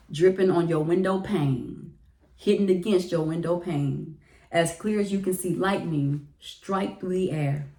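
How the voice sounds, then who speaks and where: A woman who works as a teacher, telling a personal story to the camera in a lively, emotional way. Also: sits low, echoey room. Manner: animated, emotional retelling with laughs and quoted voices. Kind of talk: casual storytelling vlog.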